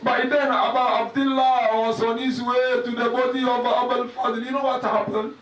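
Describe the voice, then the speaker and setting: A man's voice: very high-pitched, level tone, moderate pace, a bit bright. A man, a sheikh giving a mournful Muharram sermon, reciting with emotion and sometimes crying out. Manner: emotional recital, breaking into raised cries. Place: mosque hall. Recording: echoey hall from far off, faint noise.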